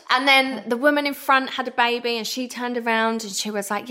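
A woman in her thirties from England, candidly telling a personal story as a podcast guest, animated and acting out what people said. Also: on the high side, fairly quick, hardly any pauses. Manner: animated, laughs often, acts out quoted speech.

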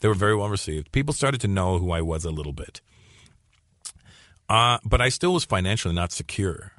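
A man's voice: sits low, fairly quick, dry recording, clean studio sound. A man in his forties from Canada, a comedian telling stories in an interview and restarting phrases as he goes. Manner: animated storyteller, repeats phrases as he restarts. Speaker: comedian guest. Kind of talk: conversational storytelling interview.

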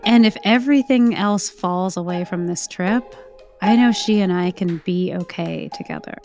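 Telling a personal story, a woman sounds reflective and chatty, leaning often on "like" and "you know." She speaks at a moderate pace in a fairly low, slightly mellow voice over faint background music.

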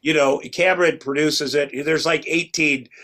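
A man's voice: a little high, steady tone, normal speed, pushed and bright. Rambling middle-aged man telling stories. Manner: rambling, restarts often, acts out quoted lines. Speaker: podcast guest. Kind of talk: casual storytelling chat.

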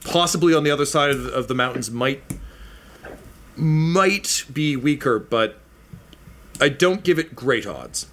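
A man's voice: medium pitch, expressive, a little slow, long pauses, a bit bright. A man running a tabletop game as game master, casual and self-mocking.

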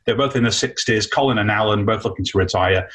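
A man, an entrepreneur guest, telling an animated story about his career in a casual, chatty way with frequent fillers. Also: on the low side, fast talker, slight background noise, rough recording. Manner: animated anecdote with many fillers.

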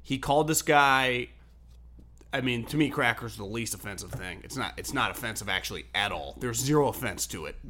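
A man hosting a sports talk show, telling stories in a loose, profane, animated way and laughing often. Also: medium pitch, fairly quick, a little hiss or hum.

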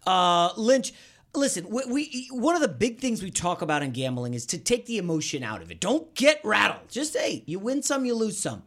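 An excitable man hosts a sports betting podcast and tells his stories with a lot of energy. His pitch swoops up and down widely as he talks. His voice has a bright, forceful edge. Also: normal speed. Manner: excitable, animated storyteller. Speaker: podcast host.

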